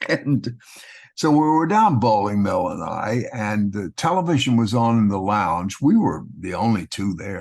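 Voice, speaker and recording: An older man from Texas, a guest actor, telling long anecdotes in an interview in a relaxed, storytelling way. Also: on the low side, breathy edge. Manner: relaxed anecdotal storyteller, acting out quoted voices.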